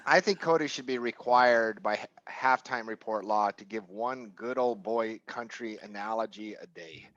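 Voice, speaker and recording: A man's voice: fairly low pitch, normal speed, few pauses, a bit bright, no echo, highs cut off. A man in a casual trading chat, playfully ribbing his co-host.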